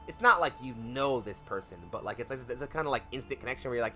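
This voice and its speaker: A man's voice: mid-range voice, fast talker, bright, forceful tone, faint music behind. A man narrating as game master in a tabletop game, rambling with many fillers. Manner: rambling, filler-heavy description.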